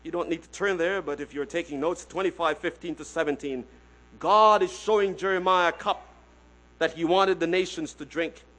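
High-voiced man preaching a sermon. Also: fairly even intonation, moderate pace, low-quality recording. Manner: swings from hushed to loud, repeats phrases for emphasis; addresses listeners as "my friends".

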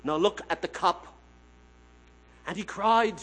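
A man preaching a sermon, swinging from hushed tones to loud emphasis and repeating phrases as he addresses his listeners as friends. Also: high-pitched, animated, slow pace, long pauses, rough recording.

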